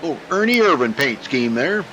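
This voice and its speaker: A man's voice: a little high, big pitch swings, normal speed, a bit bright, a little hiss or hum, poor audio. A man calling a sim race as play-by-play commentator, folksy and chatty. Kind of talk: sim racing broadcast commentary.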